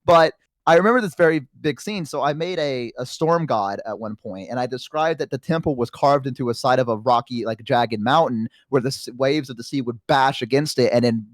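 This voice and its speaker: A man guest on a chat stream, telling a long story in an animated, rambling way, acting out voices. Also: medium pitch, brisk, no echo, studio quality. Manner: rambling, self-conscious asides.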